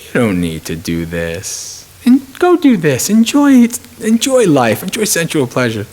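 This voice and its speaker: A man's voice: fairly high pitch, wildly swooping pitch, measured pace, darkish tone, voice pushed up. A man voicing a tempting demon who coaxes a meditator toward pleasure, in a wheedling tone. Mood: coaxing. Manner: coaxing, wheedling.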